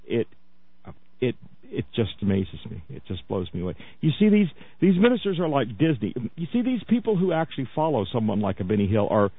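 A man's voice: mid-range voice, gravelly. A man hosting a radio talk show, chatty and mocking, often laughing as he tells a story. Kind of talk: casual radio commentary. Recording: tinny phone-like radio audio.

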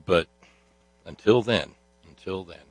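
A man's voice: low-pitched, unhurried, no echo. A man hosting a talk show, delivering a sardonic monologue full of fillers and restarts. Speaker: host.

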